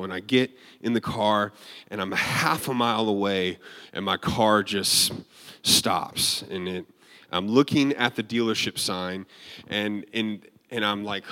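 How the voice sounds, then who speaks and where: A man with a voice on the low side tells a personal story during a sermon. He speaks conversationally and with animation, often restarting his sentences.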